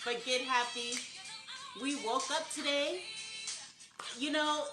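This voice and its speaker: Exuberant high-voiced woman on a live video. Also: roomy sound. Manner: exuberant, emotional, laughing often. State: sprained ankle, sitting down. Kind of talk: casual live video chat.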